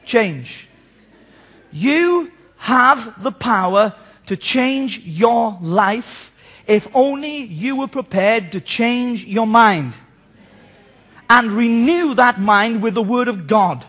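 Pastor, very high voice, bright and punchy, animated storyteller. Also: male voice, slow pace. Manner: animated, storytelling, mimics people. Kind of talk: sermon.

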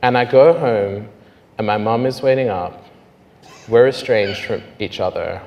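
A man preaching his testimony as a lively storyteller who often drops to hushed, slow tones. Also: lowish voice. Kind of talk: sermon testimony. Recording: reverberant hall, faint noise.

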